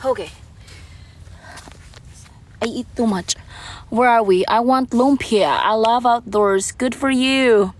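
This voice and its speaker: A woman chatting casually on a live stream while paddling outdoors, giggly and easily excited. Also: fairly high pitch, takes it slowly, long pauses.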